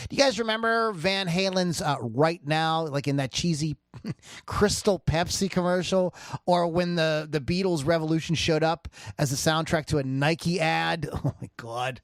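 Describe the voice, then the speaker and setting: A man's voice: on the high side, moderate pace. A man hosting a podcast in casual chat, rambling and jokey and often laughing at himself. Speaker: podcast host.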